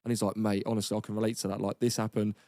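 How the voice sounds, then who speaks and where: A man, an army veteran guest telling rapid, sweary, laughing anecdotes in a casual podcast chat. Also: lowish voice, flat delivery, dark tone, no room sound.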